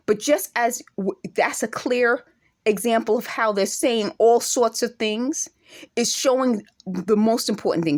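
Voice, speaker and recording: A woman with an accent speaks to camera in an indignant vlog monologue, firing off emphatic rhetorical questions. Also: medium pitch. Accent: speaks with an accent of her own. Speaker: vlogger.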